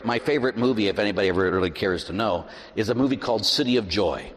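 A middle-aged man, a pastor, preaching a sermon in a large church, animated and shifting between loud emphasis and hushed asides. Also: lowish voice, quick pace. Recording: reverberant church.

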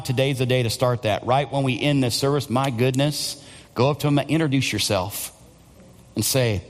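A male pastor preaching a sermon, building to loud, emphatic passages and calling for amens. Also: mid-range voice. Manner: preaching with rising, near-shouted emphasis. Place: church sanctuary. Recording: long church hall reverb.

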